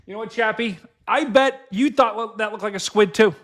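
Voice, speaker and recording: A young man hosting a casual weather livestream, excitable and quick to exclaim and laugh. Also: high voice. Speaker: livestream weather show host.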